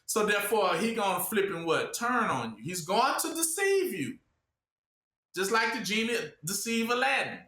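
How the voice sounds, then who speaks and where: A man preaching informally, often pausing with "what?" for listeners to finish his sentences. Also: sits high, very animated, pushed and bright, roomy sound. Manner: asks the audience to fill in the word with "what?".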